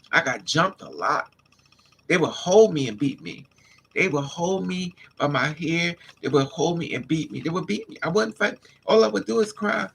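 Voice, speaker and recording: On a livestream, a man tells a candid personal story in an emphatic, casual style, calling his listeners honey and child. His voice sits high, gravelly and a bit bright, with a little hiss or hum in the audio.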